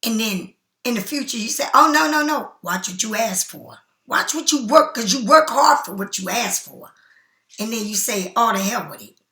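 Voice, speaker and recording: A woman's voice: a little high, bright, forceful tone, reverberant. A woman giving a casual tarot reading straight to the viewer, repeating herself for emphasis as she offers spiritual encouragement. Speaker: tarot card reader.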